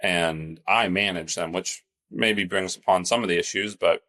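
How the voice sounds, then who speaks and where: A man's voice: sits low, steady tone, moderate pace, bright, forceful tone. A man from California co-hosting a podcast, telling rambling stories in casual chat. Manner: rambling storytelling, laughs easily. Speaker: podcast co-host.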